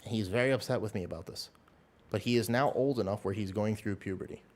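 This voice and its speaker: A man streaming a game, calmly talking through his play and chatting with viewers in a relaxed, thinking-aloud way. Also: lowish voice, fast. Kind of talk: live gameplay commentary and casual chat.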